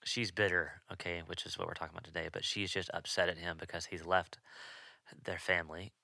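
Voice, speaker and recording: A man's voice: deep voice, sharp tone, smooth, no echo, studio quality. A young man co-hosting a podcast, chatting casually and telling stories with easy laughs. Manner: chatty, laughs easily, storytelling. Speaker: podcast co-host. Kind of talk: casual chat.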